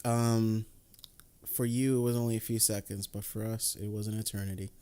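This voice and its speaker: A man's voice: fairly low pitch, flat delivery, normal speed, dark tone, clean tone. Laid-back podcast co-host man. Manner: laid-back, reacting and steering the show. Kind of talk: casual chat.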